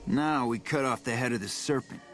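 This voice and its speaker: An actor playing a blunt, tough-talking mob underling who plots to take over. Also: male voice, medium pitch, fairly quick, lightly acted. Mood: scheming. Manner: tough-guy, blunt, conspiratorial. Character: scheming male mob underling plotting a takeover. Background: game music.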